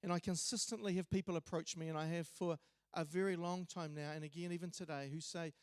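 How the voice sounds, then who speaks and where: A man's voice: on the high side, fairly even intonation, quick pace, clear, resonant tone, dry recording. A man giving a memorial eulogy in a church, telling stories in a conversational way with hesitations and restarts. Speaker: eulogy speaker.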